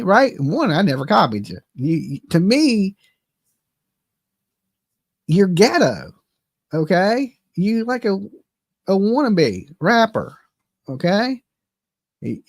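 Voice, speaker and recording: A Southern US man hosting a channel delivers a heated reaction rant, repeating himself and repeatedly asking "okay?" His voice sits high, and the recording is studio quality with no room sound.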